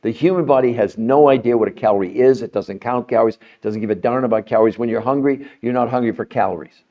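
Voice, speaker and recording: A man's voice: medium pitch, fast talker, dull audio. A middle-aged man hosting a health podcast, talking straight to viewers in an emphatic, persuasive way. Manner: emphatic, rising more animated as he goes. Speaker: podcast host. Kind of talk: promotional health talk to viewers.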